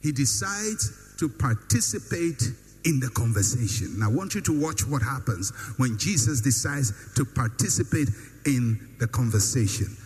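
A man's voice: mid-range voice, expressive, moderate pace, darkish tone. A man preaching a sermon, with emphatic, repetitive build-ups and rhetorical questions. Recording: long hall reverb with faint hum.

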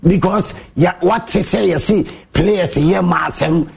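A man with a Ghanaian accent hosting a sports monologue show, mixing Twi and English, theatrical, with big swings in pitch. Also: measured pace, creaky, husky. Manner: mixes Twi and English, theatrical, shifts pitch a lot, sings bits.

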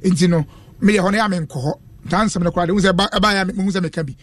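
A man with a Ghanaian accent, a radio co-host in quick, chatty banter who often stumbles and repeats words. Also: sits high, no room sound, far from the mic.

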